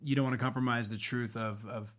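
A man who is an actor, a guest on a TV after-show, talking in a relaxed, halting way. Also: medium pitch. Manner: relaxed, hesitant, restarts often. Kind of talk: casual interview chat.

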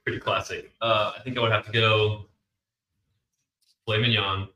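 A man as a guest in a casual chat, easygoing and unhurried. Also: lowish voice, level tone, pushed and bright. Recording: roomy, distant mic, faint noise.

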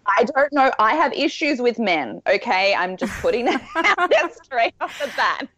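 A woman's voice: fairly high pitch, very animated, normal speed, fairly bright tone. A woman with an Australian accent, chatting candidly and self-deprecatingly as a podcast co-host. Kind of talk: casual chat.

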